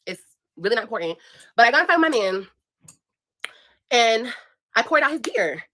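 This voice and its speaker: The young woman vlogging here has a fairly high, fairly bright voice, very animated and fairly quick. She shares a personal story with her viewers in a casual, blunt, profane and emphatic way, addressing them directly.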